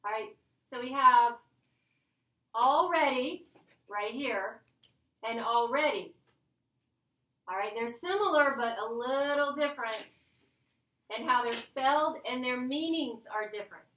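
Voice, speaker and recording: A woman's voice: high voice, animated, a little slow, long pauses, dull audio. A woman teacher giving a playful, chatty grammar lesson to her class. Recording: echoey classroom from a distance.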